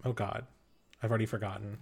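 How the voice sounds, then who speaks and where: A man's voice: on the low side, fairly even intonation, quick pace, creaky, a little mellow, husky. A man as game master, narrating a tabletop game in a loose, improvised way.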